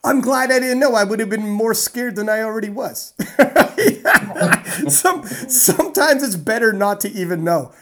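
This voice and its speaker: A woman strongman athlete from North America, telling a story in a casual interview, animated and rambling with fillers. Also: fairly high pitch, measured pace.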